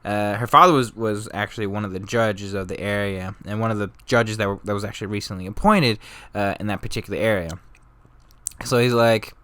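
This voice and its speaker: Young man, low voice, smooth tone, casual rambling profane history narration. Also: fairly quick, a bit bright, no echo. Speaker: history vlogger.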